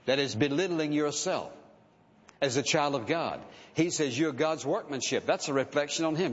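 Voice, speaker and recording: A man's voice: a little high, normal speed. A male pastor preaching a sermon, earnest and emphatic, asking his listeners pointed rhetorical questions. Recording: dull, echoey hall sound.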